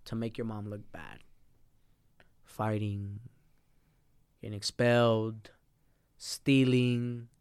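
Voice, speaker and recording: A man's voice: mid-range voice, fairly even intonation, slow pace, pauses often, smooth, no echo. Young guy on a podcast, blunt and cussing a lot, emotional story, mid voice, dead dry room. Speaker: podcast guest. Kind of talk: casual storytelling interview.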